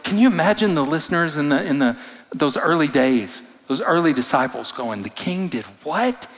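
A man preaching a sermon as pastor, expressive, moving between loud emphasis and hushed, low passages. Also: brisk. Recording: long reverb of a large hall.

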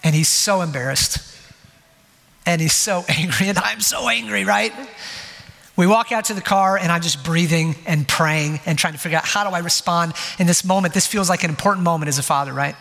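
A high-pitched man in his forties delivers a sermon as a story, poking fun at himself along the way. His voice has a bright, forceful edge. A long hall reverb trails behind each phrase. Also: brisk, vocal fry. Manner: storytelling, self-mocking humor. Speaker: pastor.

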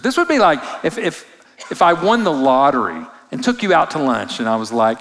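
Man, pastor, sermon, mid-pitched voice, expressive swings from emphatic to hushed, long hall reverb. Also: normal speed. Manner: expressive, shifts between loud emphasis and hushed low delivery.

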